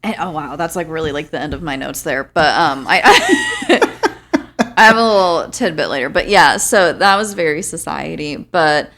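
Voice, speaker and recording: A woman's voice: low-pitched, big pitch swings, normal speed, fairly bright tone. A woman co-hosting a movie podcast, chatting casually, laughing often and swearing freely. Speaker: podcast co-host. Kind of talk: casual movie review chat.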